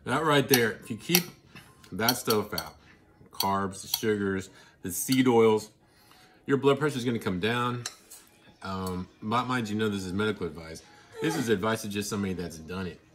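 A man talking casually to his viewers while he eats, chatty and excitable, with mouthfuls and happy murmurs between his sentences. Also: fairly low pitch, normal speed, noisy background. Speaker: vlogger. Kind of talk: casual eating vlog.

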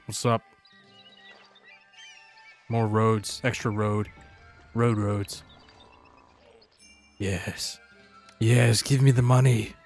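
A man's voice: medium pitch, a little mellow. A man rambles through a city-building game in casual commentary, swearing freely and heckling the little townsfolk. His tone is sarcastic and loose. Faint game music plays underneath. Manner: profane, sarcastic, talks to game characters. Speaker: gaming channel host.

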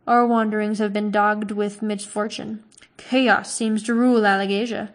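A woman voicing a cautious male traveling trader in a storybook reading, speaking in a measured, explaining way. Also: mid-range voice, little pitch movement, lightly acted. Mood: grave.

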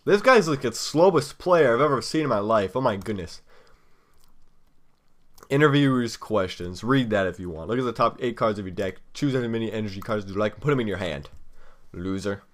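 Young male let's play host, slightly low voice, chatty, teasing and impatient with his opponent. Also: expressive, brisk. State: eating chocolate while talking. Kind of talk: casual gaming commentary.

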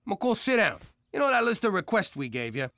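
An actor voicing a blustery mob loan shark and soft-hearted dad in an adult cartoon. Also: male voice, sits high, big pitch swings, fairly quick, no room sound, clean studio sound, exaggerated voice. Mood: bossy. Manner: brash street talk, blustery. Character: mobster dad, brash but soft-hearted.

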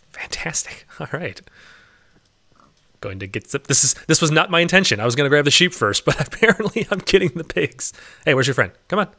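A man with a bright, ringing voice gives casual commentary while he plays a game. His pitch swoops up and down as he chats, laughs often and coaxes the animals along in a singsong way. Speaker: let's play host.

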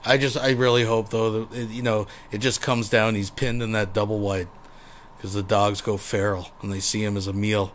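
A man's voice: fairly low pitch, flat delivery, moderate pace, a little hiss or hum. A man hosting a commentary show, sarcastic and profane as he mocks the video he plays. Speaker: commentary channel host. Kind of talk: mocking commentary.

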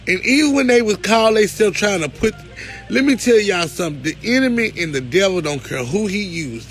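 A man's voice: high-pitched, vocal fry, fairly bright tone, poor audio. Emotional man on a livestream. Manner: emotional, close to tears, preacherly. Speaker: live-stream host. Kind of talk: emotional livestream talk to viewers.

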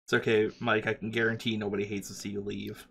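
A man narrating as game master for a tabletop game, describing scenes in a halting way with frequent ums and uhs. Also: fairly low pitch, level tone, gravelly, a bit bright, slight background noise.

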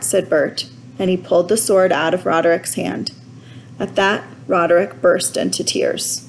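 A woman narrating a children's storybook in a clear, measured reading voice. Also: on the low side, fairly even intonation, slight background noise, rough recording. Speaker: audiobook reader.

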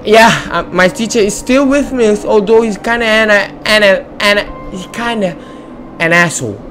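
A man's voice: high-pitched, a little slow, a bit bright, faint music behind. A man hosting a casual let's-play video, chatting playfully as he explores, joking and talking back to the game. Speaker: gamer and channel host.

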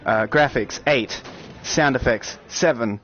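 A man giving excited live-stream commentary on a VR shooter, chatting with viewers and breaking into loud outbursts. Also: medium pitch, slow. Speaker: VR game streamer. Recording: dull lo-fi stream audio with game music and gunfire. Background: game music and gunfire.

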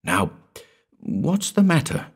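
Hearty, blustering stout traveller, lively delivery, played by a man. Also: fairly high pitch, slow pace, breathy edge, voice pushed up, exaggerated voice. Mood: brusque.

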